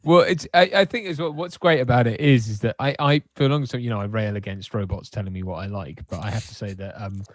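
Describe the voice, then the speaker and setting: A man's voice: on the low side, fast, hardly any pauses, dry recording. A man co-hosting a film watch party, talking in an easygoing, casual way with frequent swearing. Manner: easygoing, swears, lots of restarts. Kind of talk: casual chat.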